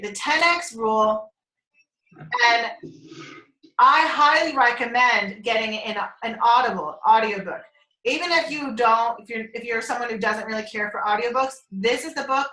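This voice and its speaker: A woman's voice: on the high side, pushed and bright. Chatty woman in an echoey room. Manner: rambling, chatty, laughs often, swears casually. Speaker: team member on a group call. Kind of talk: casual chat. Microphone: conference call line.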